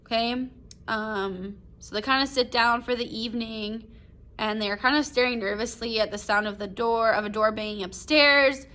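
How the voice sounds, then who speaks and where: Her voice is fairly high and sharp in tone, steady, at a normal speed. She's a young woman teaching English, leading a class through a short story in a chatty, casual recorded lesson packed with "like" and "right?".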